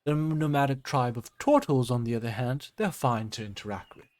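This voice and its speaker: A young man running a tabletop game as game master, with animated, jokey narration. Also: medium pitch, moderate pace.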